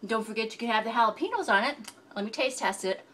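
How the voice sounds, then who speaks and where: A chatty, rambling woman with a fairly high voice walks through a home cooking demo in her kitchen. She sits back from the mic, and a steady background noise runs under her talk. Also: fast, far from the mic. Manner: chatty, rambling, self-deprecating. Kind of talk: casual cooking demonstration.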